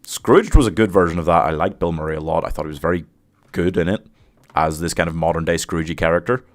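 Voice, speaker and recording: A man's voice: low-pitched, fast. A man hosting a live stream, chatting casually, giving opinions and reading viewer comments aloud, laughing often. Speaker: streamer host ranking films.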